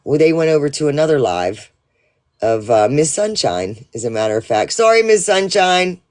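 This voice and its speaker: A man's voice: on the high side, big pitch swings, normal speed, a little mellow. A man telling a rambling, profane story to his livestream audience in a casual way, full of fillers and restarts. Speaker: livestream host.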